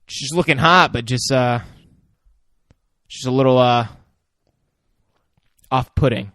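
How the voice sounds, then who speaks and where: A man co-hosting a podcast in casual chat, laid-back and hesitant, swearing and filling pauses. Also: mid-range voice, a bit bright, no echo, clean studio sound. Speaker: podcast co-host. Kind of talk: casual movie recap chat. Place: podcast studio.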